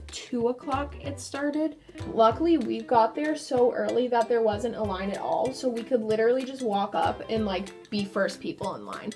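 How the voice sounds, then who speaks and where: A young woman talks casually to her camera in a chatty, rambling way, full of likes and ums. She tells a storytime while she does her makeup. Soft music plays quietly behind her voice. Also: fairly high pitch. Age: young adult. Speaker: vlogger.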